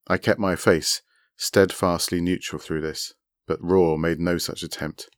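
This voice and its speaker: A man reading his own short story aloud in a measured, articulate first-person narration. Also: sits low, steady tone, no room sound, clean studio sound.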